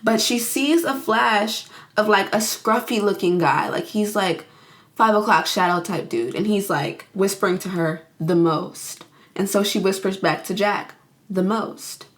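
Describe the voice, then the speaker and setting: A young woman talks through a movie's plot in a relaxed, chatty vlog. She giggles easily, fills her sentences with "like", and slips into the characters' voices. Her pitch sits in the middle of the usual range for a woman. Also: moderate pace. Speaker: YouTuber reviewing a film. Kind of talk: casual film recap.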